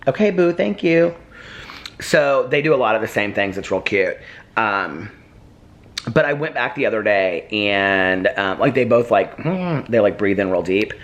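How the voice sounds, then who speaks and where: A man's voice: fairly low pitch, lively intonation, unhurried, a bit bright. A man chatting casually in a daily vlog at home, giggling often and cooing at his dogs. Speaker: vlogger.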